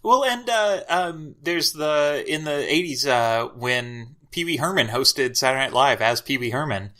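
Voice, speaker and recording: Man, podcast guest, reflective, halting delivery, bright clear tone. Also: mid-range voice, expressive. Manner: hesitant, lots of filler words, reflective. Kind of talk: casual discussion.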